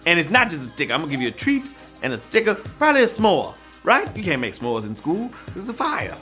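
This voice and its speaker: Male trivia host, playful and teasing, with a bright, forceful voice and soft music under him. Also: wildly swooping pitch, fast talker. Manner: goofy and teasing, bursts into high squeals and sung bits. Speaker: trivia game show host. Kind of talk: live-streamed trivia hosting, playful banter. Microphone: phone.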